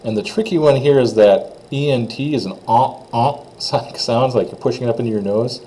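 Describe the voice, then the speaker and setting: A man teaching French pronunciation, saying phrases slowly for students to repeat and explaining the sounds in plain, encouraging words. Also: medium pitch, animated, mellow, slight background noise, rough recording. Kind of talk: classroom pronunciation lesson.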